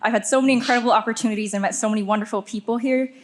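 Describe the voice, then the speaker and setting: A young woman graduate speaks into a stage microphone at a ceremony. Her voice sits a bit high, and her speech is earnest and halting before it rises to firm, impassioned calls. A faint hiss runs under it. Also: fairly even intonation. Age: young adult. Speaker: graduating student. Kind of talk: graduation thank-you speech.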